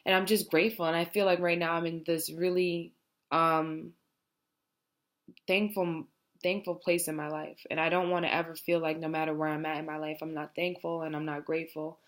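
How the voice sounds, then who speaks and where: A woman's voice: deep voice, little pitch movement, normal speed. A young American woman talking reflectively in a personal vlog, rambling with many fillers like "you know" and "like". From United States. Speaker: vlogger. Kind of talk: heartfelt personal vlog talk.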